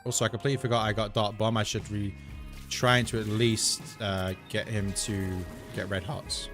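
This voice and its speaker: A man's voice: lowish voice, little pitch movement, moderate pace, over music. An English man chatting casually and digressively to viewers while streaming a video game. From England. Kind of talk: casual live-stream chat while gaming.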